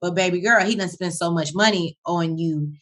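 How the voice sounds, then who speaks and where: A woman, co-hosting a casual review and recapping scenes in a relaxed, chatty way. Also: on the low side, moderate pace, slight background noise. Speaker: co-host reviewing a reality show. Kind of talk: casual chat.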